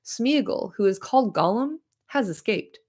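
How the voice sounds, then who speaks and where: A woman's voice: a little high, expressive, normal speed, a little mellow, pitched above the performer's own voice. A woman voicing a fair male elf, speaking earnestly and with urgency in a slightly nasal voice. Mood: urgent. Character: elf man, fair and distressed.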